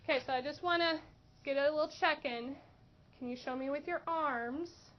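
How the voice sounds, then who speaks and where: Woman math teacher in class, bright high voice, muffled recording. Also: moderate pace. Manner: questioning, encouraging students. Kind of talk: classroom lesson. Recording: dull lo-fi classroom recording with faint noise.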